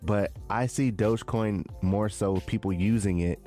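A man with a low-pitched voice chats loosely as co-host of a talk show. He speaks in an easygoing, slangy way, restarting his sentences, while faint music plays behind him. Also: unhurried, warm tone. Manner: laid-back, slangy, trails off and restarts. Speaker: podcast co-host. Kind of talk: casual chat.

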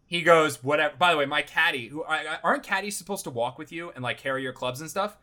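A man tells a casual story in a bright, somewhat high voice. He rambles and swears freely, piling up "I'm like"s as he gets worked up. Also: fast talker. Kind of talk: casual anecdote.

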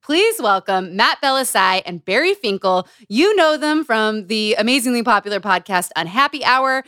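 Chatty woman host on a podcast, kinda high voice, dry sound, laughs a lot. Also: sing-song, moderate pace, a bit bright, clean tone, dry recording. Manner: chatty and bubbly, laughs often. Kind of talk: casual chat.

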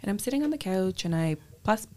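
A woman guest on a podcast, telling an anecdote lively and acting out her own thoughts in casual conversation. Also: mid-range voice, brisk. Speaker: podcast guest, innovation lead. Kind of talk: casual interview storytelling.

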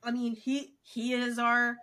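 A woman co-hosting a casual sports podcast, recapping games in an animated, excitable way with lots of fillers. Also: on the high side, a little slow. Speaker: podcast co-host.

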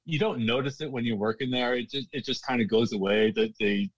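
A man who works as a bartender, a guest who formerly bartended at a casino, tells stories casually in an interview, laughing often and restarting his sentences. His mid-range voice is brisk, and the audio is dull with no echo.

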